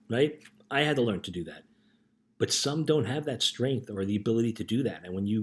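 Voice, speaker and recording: A middle-aged man, a youth life coach, telling a story in an earnest casual motivational talk and often checking in with "right?". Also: mid-range voice.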